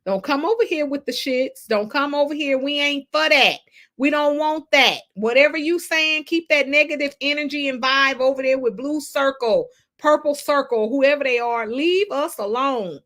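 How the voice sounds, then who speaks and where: A woman hosting a casual gossip livestream, sassy and animated, laughing often as she reads the chat. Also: high voice, moderate pace. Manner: sassy, animated, laughs a lot, Southern Black American slang. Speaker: livestream host reading chat.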